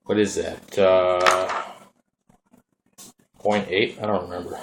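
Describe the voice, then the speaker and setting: A very low-voiced man with a Minnesotan accent talks in a laid-back, folksy ramble while showing off his gear. Faint noise hums under the recording. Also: fairly even intonation, unhurried, pauses often. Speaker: vaping hobbyist vlogger. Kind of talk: casual hands-on demo.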